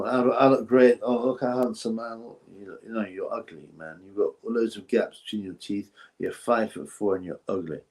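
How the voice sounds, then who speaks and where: A man's voice: on the low side, dark tone. Male stream host, casual and rambling, chats loosely with viewers between donations. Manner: rambling and chatty, thinks aloud with fillers; reads out donations and thanks viewers. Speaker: boxing livestream host. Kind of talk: casual livestream chat.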